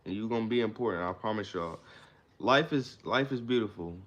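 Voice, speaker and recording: A man's voice: lowish voice, brisk, a bit bright. A man hosting a livestream, giving an emphatic motivational talk in a repetitive, preacher-like cadence. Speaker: livestream host.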